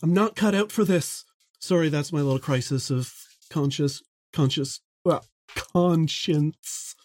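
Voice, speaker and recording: A woman hosting, grading a reading response in a measured, wordy, gently teasing manner. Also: deep voice, lively intonation. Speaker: host grading assignments. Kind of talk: casual podcast critique.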